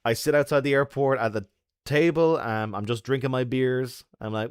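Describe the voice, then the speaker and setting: A young man who makes videos, chatting on a livestream and telling stories in an animated way, laughing often and swearing. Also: mid-range voice, normal speed, smooth, no echo, clean studio sound. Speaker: YouTuber. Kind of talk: casual livestream chat and storytelling.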